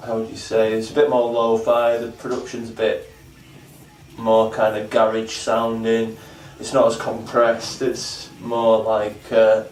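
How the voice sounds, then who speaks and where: Flat-voiced, earnest man. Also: fairly low pitch, measured pace, slight background noise. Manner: earnest, rambling enthusiasm with restarts. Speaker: vlog co-host reviewing albums. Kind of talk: casual chat. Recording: roomy sound from a distant mic.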